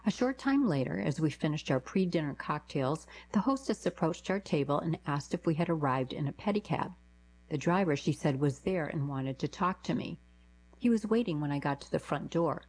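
A woman narrating short reader-submitted diary stories in a calm, even scripted read. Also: sits low, normal speed, husky, poor audio. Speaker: narrator reading diary letters.

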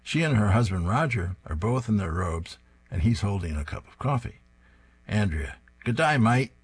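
A man's voice: sits low, expressive, normal speed, husky. A man reading newspaper comic strips aloud, plainly describing each panel and reading the lines.

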